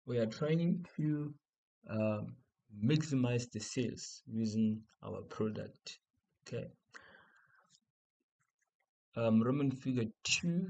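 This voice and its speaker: A man's voice: medium pitch, a little mellow, low-quality recording. A man from South Africa with a South African accent, going through exam questions as a teacher, repeating key points and asking and answering his own questions. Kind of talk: exam revision lesson.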